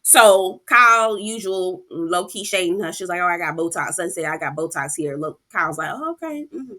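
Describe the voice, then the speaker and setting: A woman giving a sassy, animated recap of a reality TV episode, talking straight to her viewers. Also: lowish voice, a little fast. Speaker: reality TV reviewer. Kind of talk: casual recap commentary.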